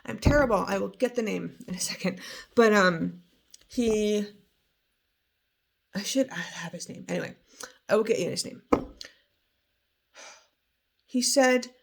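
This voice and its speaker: Casual commentator woman with a gravelly edge, chatty and rambling. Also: medium pitch, a little slow, long pauses. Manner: chatty, rambling, many fillers and restarts. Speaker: commentator recapping a trial. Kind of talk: casual chat.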